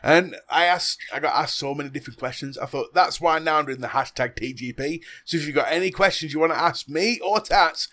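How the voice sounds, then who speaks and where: A man's voice: fairly high pitch, brisk, hardly any pauses, pushed and bright. A man hosting a casual podcast, joking and teasing his co-host.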